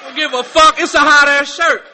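Brief: middle-aged man, very high voice, profane meeting share that swings from loud to hushed. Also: steady tone, moderate pace, some chatter behind, a little hiss or hum. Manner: profane, swinging from shouting to quiet sincerity. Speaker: speaker sharing at a recovery meeting. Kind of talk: raw comedic testimony. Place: meeting room.

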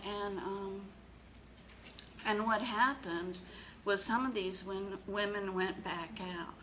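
Middle-aged woman, slow, bright voice, emotional recovery share with many fillers. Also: mid-range voice, slight background noise, rough recording. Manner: halting, full of fillers and repeated phrases; emotional, tearful at times. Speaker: recovery meeting speaker. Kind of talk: personal share at a recovery meeting.

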